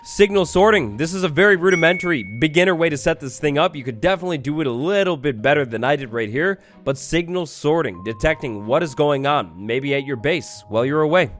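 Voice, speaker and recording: A man's voice: on the high side, lively intonation, fairly quick, few pauses. A young man hosting a game tutorial, explaining mechanics in an upbeat, playful way and acting out little scenes. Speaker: Minecraft tutorial host. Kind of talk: gameplay tutorial narration. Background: background music.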